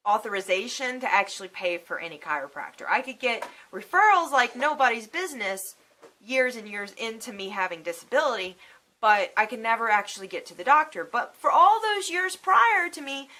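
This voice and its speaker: Animated, bright-voiced woman vlogger. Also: fairly high pitch, moderate pace. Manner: emotional, swears freely, animated. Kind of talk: casual storytelling to camera.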